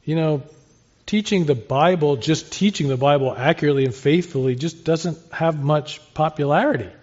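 Speaking at a moderate pace, a man with a higher, somewhat mellow voice delivers an expository sermon. His manner is earnest and conversational as he asks and answers rhetorical questions, and the recording is lo-fi and slightly dull.

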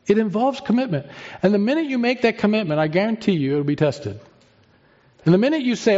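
A male pastor preaching a sermon with emphatic delivery, drawn-out pauses and rising stresses. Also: high-pitched, very animated, a little mellow, lo-fi sound.

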